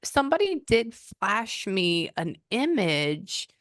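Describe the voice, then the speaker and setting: A woman's voice: medium pitch, sing-song, slow pace, a bit bright, dry recording, studio quality. A woman working as a psychic medium, talking a client through a reading in a chatty, rambling way that often breaks off mid-sentence. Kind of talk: reading session over a call.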